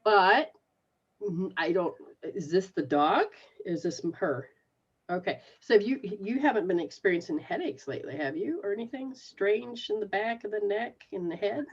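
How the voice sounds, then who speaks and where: A woman hosting a call-in show, giving a spiritual reading in a slow, halting way and laughing often. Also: medium pitch, lively intonation, breathy edge, highs cut off. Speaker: psychic reader, show host.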